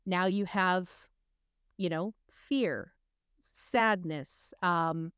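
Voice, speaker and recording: A middle-aged woman talks openly on a podcast, with a smooth, fairly low voice. She thinks aloud, stops and restarts, and speaks candidly. The close mic leaves her voice dry, with no room sound. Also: extremely slow, fairly bright tone, no room sound. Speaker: podcast co-host. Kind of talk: candid casual chat.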